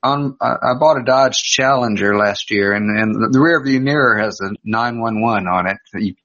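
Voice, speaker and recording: A man's voice: mid-range voice, moderate pace, a bit bright, dull audio. A middle-aged American man telling dry, hesitant stories in casual podcast chat over an online call. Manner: laid-back, dry storytelling with hesitations.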